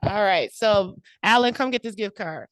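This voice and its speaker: A woman's voice: medium pitch, moderate pace, no echo. Woman emceeing a club meeting. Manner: lively, warmly announcing, engaging the audience. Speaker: meeting host. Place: large meeting room.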